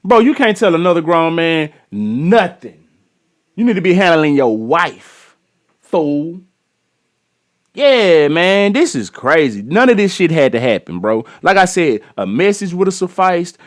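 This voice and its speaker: A man's voice: a little high, sing-song, unhurried. Blunt, slangy man with a raised voice. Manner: blunt, slangy and profane, scolding the people in the clip; repeats and restarts phrases. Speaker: reaction commentator. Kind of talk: casual reaction commentary.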